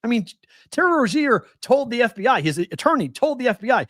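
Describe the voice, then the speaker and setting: Animated high-pitched man with a Boston accent. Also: a little fast, no room sound, clean studio sound. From Massachusetts. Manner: animated, ranting, rhetorical questions. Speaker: sports betting show host. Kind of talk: live sports talk.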